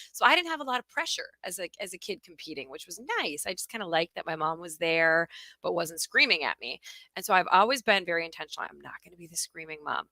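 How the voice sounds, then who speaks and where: A woman co-hosting a podcast in casual chat, telling stories in a lively, self-deprecating way as a mother and coach. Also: medium pitch, no echo.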